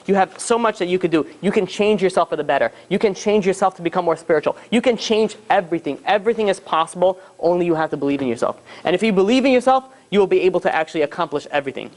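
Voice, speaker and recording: A man's voice: high-pitched, lively intonation, very fast, hardly any pauses, darkish tone. A man, a rabbi, telling a story to a class and acting out the dialogue with lots of restarts.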